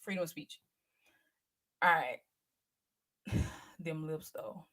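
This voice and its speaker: A woman's voice: low voice, takes it slowly, a bit bright. A woman in her forties hosting a casual livestream, chatty and slangy, teasing and talking straight to her viewers. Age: 40s. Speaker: livestream host.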